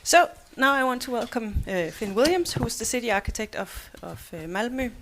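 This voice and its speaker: A woman's voice: a little high, animated, a little fast, a bit bright. A woman hosting an event, informally introducing the next speaker with hesitations and fillers. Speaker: event moderator. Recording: distant from the mic with faint noise.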